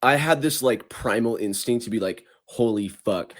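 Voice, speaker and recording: A young man, a podcast guest, chatting casually, laid-back and profane, slowing down for emphasis. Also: medium pitch, fairly bright tone. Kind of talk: casual chat.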